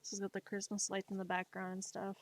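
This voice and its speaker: A woman's voice: medium pitch, monotone, fast talker, slight background noise. A woman streamer and artist chatting casually on a live stream, playfully scolding her cat between topics.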